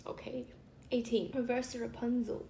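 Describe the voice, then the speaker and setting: A woman's voice: fairly high pitch, level tone, moderate pace, gravelly, warm tone. A young woman vlogger casually reading funny stories aloud, chatty and giggly, often breaking off to laugh. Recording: echoey room with faint hiss.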